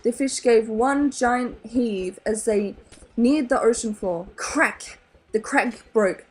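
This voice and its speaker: A woman with an Australian accent reading a children's novel aloud in an animated, expressive way. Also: a little high, takes it slowly, poor audio. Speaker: storybook reader.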